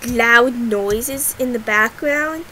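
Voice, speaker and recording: Giggly, high-voiced woman gaming host. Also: very slow. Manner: giggly, rambling, with sudden excited squeals. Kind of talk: casual gameplay commentary. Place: bedroom. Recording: noisy, fireworks popping behind. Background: fireworks.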